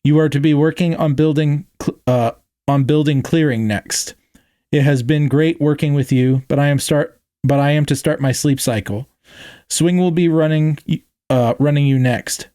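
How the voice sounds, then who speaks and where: A polite, stiffly formal female alien leader, voiced by a man in a storybook reading. Her speech is careful and measured, a little raised, with a dry, close sound. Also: a little high, fairly even intonation, warm tone, no echo, natural voice.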